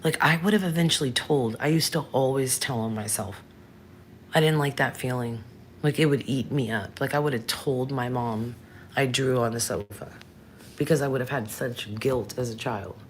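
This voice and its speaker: A woman's voice: rumbling low, moderate pace, a little hiss or hum. A woman in her thirties hosting a casual livestream, chatting frankly and answering viewers by name. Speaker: livestream host.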